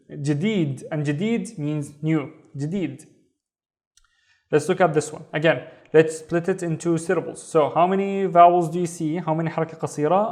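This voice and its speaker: A man's voice: fairly high pitch, a little mellow. Patient man sounding out syllables. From Saudi Arabia. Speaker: Arabic teacher. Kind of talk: reading lesson.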